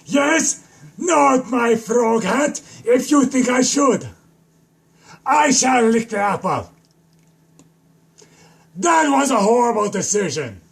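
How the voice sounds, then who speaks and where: High gravelly man rambling on stream. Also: sing-song. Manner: silly, rambling, slow and drawn out with sudden shouts. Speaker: live streamer. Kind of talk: goofy solo live stream.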